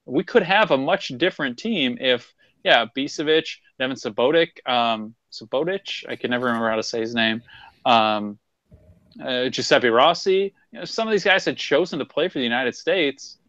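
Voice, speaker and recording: A man's voice: mid-range voice, animated, normal speed, fairly bright tone, no room sound, dull audio. A man co-hosting a casual sports chat, blunt and swearing freely as he argues his points in bursts. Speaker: podcast co-host.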